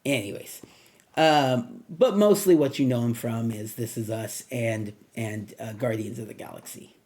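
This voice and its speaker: A man's voice: medium pitch, a little slow, a little mellow. A man talking casually on his own as a movie reviewer, rambling and thinking aloud with plenty of ums and asides.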